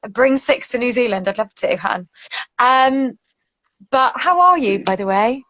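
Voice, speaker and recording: A chatty woman in her thirties with a high voice, co-hosting a casual talk show. She rambles, laughs and swears freely. Her voice is recorded close and dry, with no room sound. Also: animated, a little slow, pushed and bright, no room sound, rough recording. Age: 30s. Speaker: podcast co-host. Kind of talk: casual chat.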